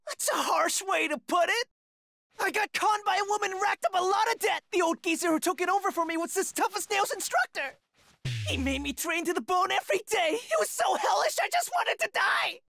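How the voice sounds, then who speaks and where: A woman's voice: very high-pitched, animated, a little fast, gravelly, a bit bright, no echo, faint music behind, full character voice. A woman voicing a cowardly, whiny teenage boy swordsman who shrieks in melodramatic panic, in an anime fan dub. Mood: panicked.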